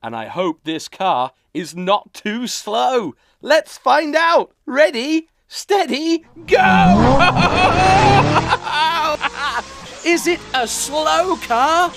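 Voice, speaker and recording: A man presenting a children's show, talking in an exaggerated way and slowly repeating phrases for young viewers to say along. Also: very high voice, big pitch swings, gravelly, a bit bright, faint music behind.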